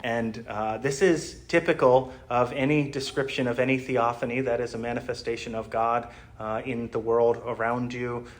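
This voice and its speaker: A man's voice: medium pitch, fairly even intonation, normal speed. A man preaching a sermon, teaching in a conversational way with many fillers and restarts. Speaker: pastor.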